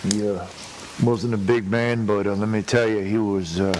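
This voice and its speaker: A man's voice: lowish voice, flat delivery, normal speed, darkish tone, a little hiss or hum, lightly acted, rough recording. A man voicing a rambling, crude redneck character who tells a long joke full of hesitations and restarts. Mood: drawling. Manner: crude, chuckles at his own story. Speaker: prank caller telling a joke. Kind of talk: rambling prank-call joke telling.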